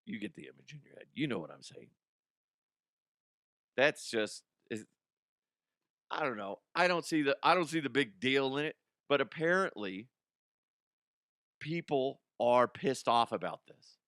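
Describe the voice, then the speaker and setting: A man's voice: mid-range voice, animated, a little slow, long pauses, a bit bright, dry recording, clean studio sound. A young adult man hosting a comedy news podcast, ranting casually with swearing, laughter and mocking put-on voices.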